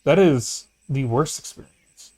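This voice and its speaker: A man's voice: mid-range voice, a little slow, darkish tone. A man streaming a video game, chatting casually and tiredly, with some swearing. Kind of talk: casual let's-play chat. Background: game music.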